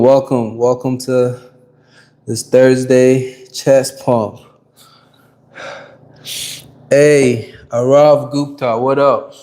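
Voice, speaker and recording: Slow-talking hyped man streaming his workout. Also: mid-range voice, darkish tone. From Ghana. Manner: hyped, greets viewers by name, motivational. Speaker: fitness livestreamer. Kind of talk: live workout stream chat.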